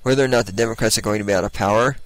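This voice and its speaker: A man's voice: on the low side, rapid-fire, no echo, poor audio. A man giving a blunt, sarcastic political monologue as host, laughing at his own jokes.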